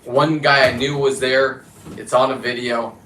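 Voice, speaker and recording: A man's voice: medium pitch, steady tone, unhurried, a bit bright. A man chatting casually to camera about diving, rambling and blunt, with the odd swear word. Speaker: free diver and vlogger. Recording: roomy echo with faint background noise.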